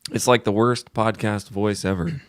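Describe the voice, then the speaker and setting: A man with a very low voice co-hosts a live stream while hoarse from a cold. He talks in a laid-back way and clears his throat often. The sound is dry and close. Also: no room sound. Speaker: co-host of a trading live stream. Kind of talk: casual live-stream chat.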